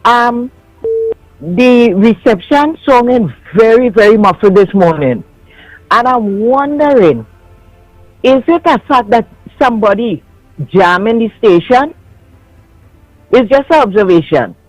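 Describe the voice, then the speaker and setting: A man calling in to a radio talk show, making a measured observation and retelling an anecdote. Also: extremely high pitch, expressive, dry recording, faint music behind, low-quality recording. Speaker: caller. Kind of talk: call-in radio commentary.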